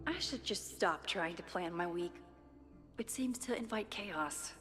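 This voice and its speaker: An actress playing a thoughtful, bewildered young woman in a video game, speaking softly and with wonder. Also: fairly low pitch, animated, a little slow. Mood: musing. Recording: game audio with long reverb and music. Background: game music.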